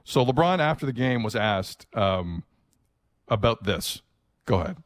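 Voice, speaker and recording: A man co-hosting a sports talk show, joking and sarcastic in quick banter. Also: medium pitch, no echo. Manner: jokey, sarcastic, animated.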